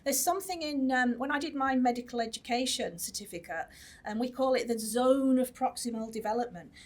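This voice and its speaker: A woman who is a nurse specialist giving a chatty conference talk, with many fillers and restarts. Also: a little high. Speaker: tissue viability nurse specialist. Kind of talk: conference presentation. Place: conference hall.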